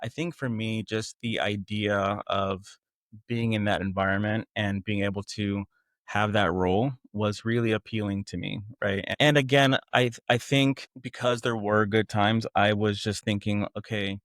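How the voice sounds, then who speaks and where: A man, a podcast guest, candidly recounting a painful past relationship with animated retelling and frequent laughs at how absurd things were. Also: fairly low pitch, measured pace, no room sound, clean studio sound. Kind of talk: candid personal storytelling.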